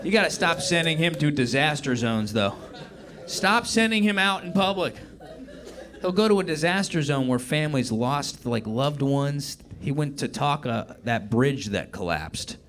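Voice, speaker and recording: A man hosting a comedy podcast, telling stories in an animated, profane way. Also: on the high side, a little slow. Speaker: podcast host. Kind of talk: comedic casual chat.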